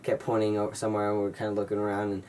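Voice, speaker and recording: A young man tells a personal story in a low, fairly flat voice, rambling and earnest, full of fillers. He sits a little back from the mic, and a faint air-conditioning hum runs underneath. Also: rapid-fire, far from the mic, poor audio. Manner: rambling, filler-heavy, earnest retelling with acted-out quotes. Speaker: vlogger telling a personal story. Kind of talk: casual storytelling to camera.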